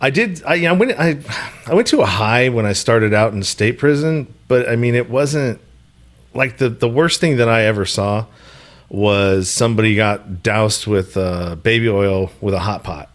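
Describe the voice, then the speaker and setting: A man hosting a podcast, talking in a relaxed, blunt way with casual swearing, in a hotel room studio. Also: lowish voice, normal speed. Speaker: podcast host. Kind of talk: casual conversation.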